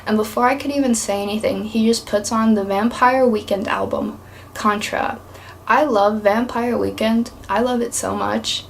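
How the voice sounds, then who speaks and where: A woman's voice: mid-range voice, fairly even intonation, normal speed, gravelly, a little hiss or hum. A young woman from East Tennessee telling a rambling, chatty story to camera, peppered with "like". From East Tennessee, USA. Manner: chatty, rambling, heavy use of "like". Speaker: vlogger.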